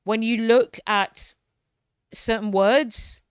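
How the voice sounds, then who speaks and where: A woman's voice: on the high side, fairly even intonation, very slow, clear, resonant tone, no room sound, clean studio sound. A woman streamer chatting casually, cursing freely and sounding out words as she practises them. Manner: casual, swears freely, repeats phrases while learning. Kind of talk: casual chat.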